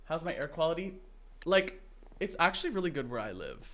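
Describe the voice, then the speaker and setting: Excitable streamer guy with a lively voice. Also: a little high, a little fast, a little hiss or hum. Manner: excitable, swings between muttering and shrieking; chatty, thanks viewers for support. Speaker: livestreamer. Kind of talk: casual gameplay livestream chat.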